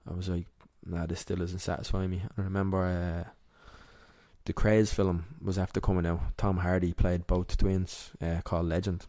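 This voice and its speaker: A young man with an Irish accent, a podcast guest telling a personal story in a candid, emotional, halting way. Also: deep voice, level tone, warm tone, no room sound, studio quality. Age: young adult.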